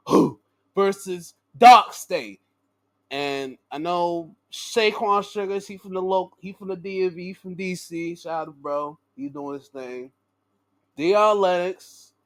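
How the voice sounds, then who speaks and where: A young man hosting a casual wrestling recap, joking and swearing as he talks. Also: high voice. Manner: animated, joking, swears and laughs a lot. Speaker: show host.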